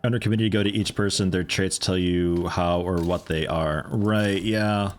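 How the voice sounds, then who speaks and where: A man's voice: deep voice, steady tone, normal speed. A man streaming a game, chatting casually and joking with his viewers in a rambling way. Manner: rambling, joking asides to chat. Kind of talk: casual gameplay commentary.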